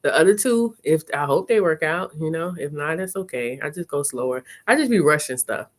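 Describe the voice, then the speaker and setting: Chatty woman vlogger, lowish voice. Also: a little fast. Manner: chatty, animated storytelling with laughs. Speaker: content creator. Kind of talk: casual live-stream chat.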